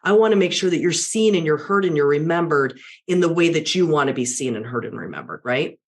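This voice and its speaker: A middle-aged woman, a media and public speaking coach, with a deep barky voice, talking animatedly in a casual interview. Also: brisk. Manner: animated, self-correcting, acts out client quotes.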